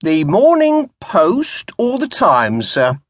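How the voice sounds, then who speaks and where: A man's voice: high-pitched, wildly swooping pitch, slow, dry recording, voice pushed up, heavily acted. A man voicing a timid, plaintive old male butler who fusses over his master. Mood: fussing. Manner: plaintive, fussing.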